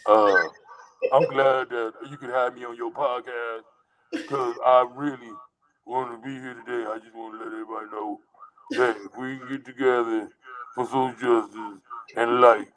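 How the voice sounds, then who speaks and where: A man putting on the voice of a huge, slow-talking male basketball star, mumbling and halting. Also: mid-range voice, steady tone, fairly bright tone, pitched below the performer's own voice, close to an everyday voice, rough recording. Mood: drawling.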